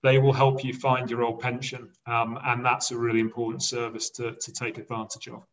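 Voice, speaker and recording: A man's voice: mid-range voice, completely flat delivery, a little fast, a bit bright, far from the mic, rough recording. A man with a mid-range voice, heard a little away from the microphone, talks as a podcast guest. He explains things eagerly and conversationally. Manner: enthusiastic, explanatory. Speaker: podcast guest, pensions specialist. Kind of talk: casual interview chat.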